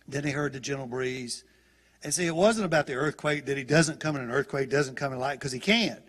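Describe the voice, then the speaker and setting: A man's voice: on the high side, fast, fairly bright tone. A middle-aged male pastor preaching a sermon in a church, talking conversationally and often restarting and repeating words. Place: church sanctuary.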